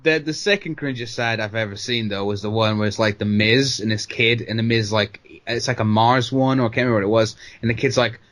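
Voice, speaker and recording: A man's voice: on the low side, steady tone, brisk, few pauses, a bit bright. A man co-hosting a wrestling podcast in casual chat, talking loosely with lots of swearing, fillers and jokey quoted voices. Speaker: podcast co-host.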